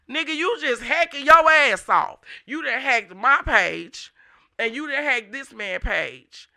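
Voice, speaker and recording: St guy ranting on his show, real sharp bright voice, cussing a lot, heated. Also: high voice, vocal fry. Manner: heated, profane, blunt. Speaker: show host. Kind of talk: unscripted ranting monologue.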